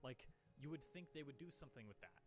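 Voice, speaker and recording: A man's voice: mid-range voice, sing-song, quick pace, faint music behind. A young man streaming a sarcastic movie commentary, mocking the plot with rhetorical questions.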